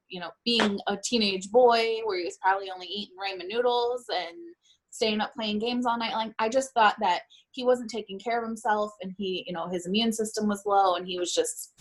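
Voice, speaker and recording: Halting middle-aged woman recounting a loss. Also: mid-range voice. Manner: halting, often stops to correct herself. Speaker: interviewee, bereaved mother. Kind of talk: personal account in an interview.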